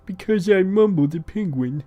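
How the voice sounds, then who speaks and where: A wild teenage boy who shrieks everything in a shrill, yelling voice. The voice leaps high above the speaker's own, over faint background music. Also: animated, moderate pace, dull audio. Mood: goofy squeal.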